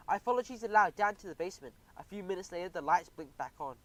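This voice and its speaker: Brief: expressive male narrator for a kids' audiobook, slightly high voice, lively delivery. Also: brisk, rough recording. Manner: animated, expressive. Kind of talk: first-person audiobook narration.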